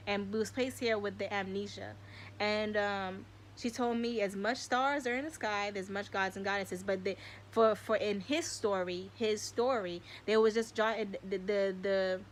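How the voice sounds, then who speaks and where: A young woman hosting a spiritual live stream, speaking in an excitable, slangy way and swearing often. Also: mid-range voice, a little hiss or hum.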